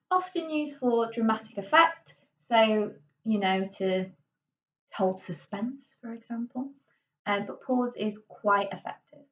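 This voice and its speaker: Brief: young woman drama teacher, casual tutorial patter, recorded a little off-mic and dull. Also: on the high side. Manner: chatty, many fillers and "okay"s, gestural. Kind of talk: classroom tutorial. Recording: dull, slightly distant lo-fi recording.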